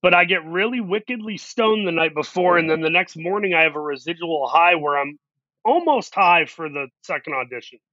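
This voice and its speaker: Animated storytelling man, bright tone. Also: on the high side, a little fast, dry recording, dull audio. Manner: animated anecdotes with quoted asides. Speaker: actor guest. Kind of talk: storytelling interview.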